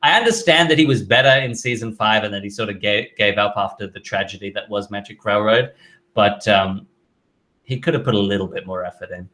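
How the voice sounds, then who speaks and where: A man with a lowish, fairly quick voice that sounds pushed and bright hosts a casual live stream. He reads viewer questions from the chat aloud and answers them in an offhand, chatty way, dropping in fillers.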